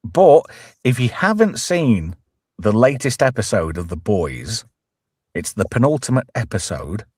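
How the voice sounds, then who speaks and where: Male host, East Midlands accent, sweary banter, expressive up-and-down voice, dry close sound. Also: on the low side, unhurried, slightly rough, dry recording. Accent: East Midlands English. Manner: swearing, blunt, rambling and jokey. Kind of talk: casual live chat show banter.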